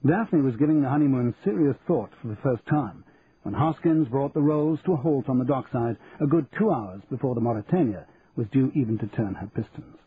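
A man reading an audiobook in an even, measured storytelling manner, over a tinny line with faint hiss. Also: mid-range voice. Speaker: audiobook narrator. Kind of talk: scripted audiobook narration.

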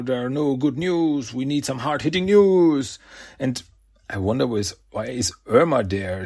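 A man hosting a podcast, casually recapping a comic in a chatty, animated way and slipping into character voices. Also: medium pitch, creaky, slightly rough. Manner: chatty, animated retelling with laughs and voiced asides. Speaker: podcast host.

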